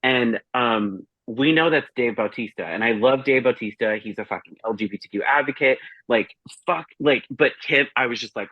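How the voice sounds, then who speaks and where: A man's voice: medium pitch, moderate pace, hardly any pauses, no echo. A man chatting casually as a guest reviewer, telling rambling, profane stories. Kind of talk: casual chat. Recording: dry, dull lo-fi sound.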